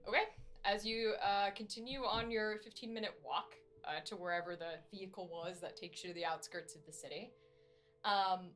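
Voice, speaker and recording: A woman narrating as game master of a tabletop game, slow and measured. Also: medium pitch, fairly even intonation, a bit bright, soft background music.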